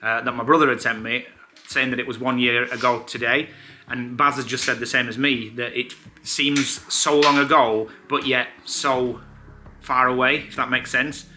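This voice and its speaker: A man's voice: mid-range voice, flat delivery, moderate pace, background noise. An English man chatting casually in a vlog and explaining things step by step. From England. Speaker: vlogger.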